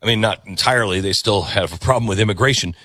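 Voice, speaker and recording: A man's voice: on the low side, fast talker, bright, forceful tone, husky, no room sound. A man hosting a talk show, delivering a conversational monologue and acting out quoted voices. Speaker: radio and TV show host.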